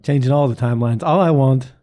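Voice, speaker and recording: A man's voice: medium pitch, brisk, warm tone. A man playing a tabletop role-playing game, talking earnestly and rambling a little in character. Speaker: player. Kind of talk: casual tabletop role-play.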